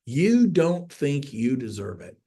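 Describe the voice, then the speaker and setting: A man's voice: mid-range voice, sing-song, slow, warm tone, slightly rough. Emphatic man in his fifties coaching. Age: 50s. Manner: emphatic, preachy, with repetitions and acted-out quotes. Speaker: real estate coach. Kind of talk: motivational talk on a video call.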